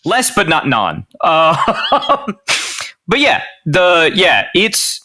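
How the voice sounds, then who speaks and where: A man co-hosting a podcast, talking through football plays in an animated, self-interrupting way and laughing at his own jokes. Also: a little high, slow pace. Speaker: podcast co-host. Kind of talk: casual sports analysis chat.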